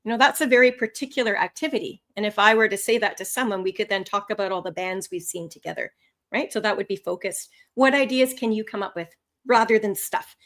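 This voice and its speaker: A woman instructor teaching a live online lesson, animated and expressive, with swooping pitch and frequent laughter. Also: fast. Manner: laughs often. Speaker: language test instructor.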